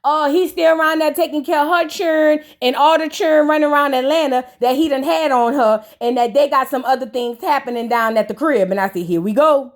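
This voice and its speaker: Sassy high-voiced woman gossip host. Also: fairly quick, few pauses. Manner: sassy, gossipy, keeps calling the listener "girl"; blunt roasting asides. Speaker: reality TV reaction host. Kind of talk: casual reaction commentary.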